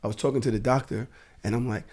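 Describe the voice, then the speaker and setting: A man co-hosting a podcast, talking in casual banter with a hoarse, worn voice and animated storytelling. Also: medium pitch, fast talker, slight background noise. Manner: animated storytelling, bursts into laughter and shouting. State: hoarse, losing his voice. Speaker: podcast co-host.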